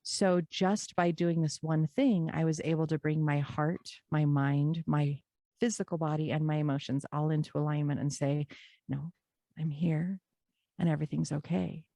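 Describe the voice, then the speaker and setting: A woman's voice: deep voice, steady tone, warm tone, dry recording, clean studio sound. A woman guest on an interview podcast, talking earnestly and encouragingly, stretching out key words. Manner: earnest, encouraging, drawn-out emphasis. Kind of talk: conversational interview.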